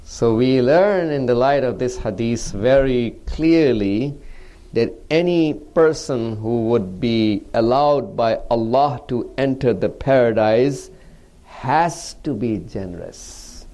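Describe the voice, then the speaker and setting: A man's voice: medium pitch, slow pace, warm tone. A man giving a religious lecture as a preacher. He keeps asking rhetorical questions and quotes Arabic sayings. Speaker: Islamic preacher.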